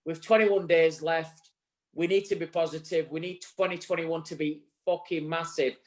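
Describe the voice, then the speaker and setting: A man's voice: on the high side, fairly even intonation, normal speed. A man with a Yorkshire accent co-hosting a live show, talking in an earnest, rambling way and swearing now and then. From England. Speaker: co-host. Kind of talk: casual live show chat. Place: bar set.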